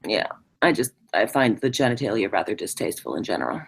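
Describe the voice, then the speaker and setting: Low-voiced woman telling frank stories. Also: fast talker, gravelly, slightly rough. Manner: animated, frank storyteller. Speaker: guest in conversation. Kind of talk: casual chat.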